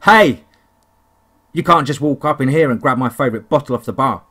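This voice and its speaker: A man reading a horror story aloud, voicing a huge hostile redneck bully in a bar who blusters loudly. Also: mid-range voice, animated, moderate pace, husky. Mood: angry shouting. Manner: loud, blustering and threatening.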